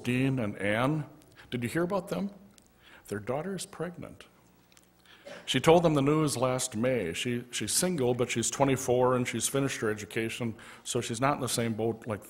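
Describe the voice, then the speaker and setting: A man preaching a storytelling sermon as pastor in a church, gently narrating with quiet asides. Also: mid-range voice, moderate pace. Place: church sanctuary.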